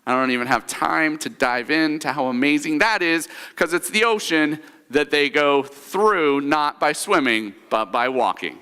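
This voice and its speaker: Storytelling with humor, a pastor leads his congregation through call-and-response recaps in a church sanctuary echoing with hall reverb. His voice runs on the high side, a little slow with hardly any pauses, bright, forceful, clear and resonant.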